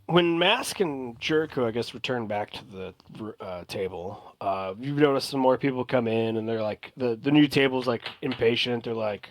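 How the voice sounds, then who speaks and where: A man narrating a tabletop game as game master, mid-pitched and easygoing. His voice is dry and close, with no room sound around it. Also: expressive, no echo. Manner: voices characters in quick bursts.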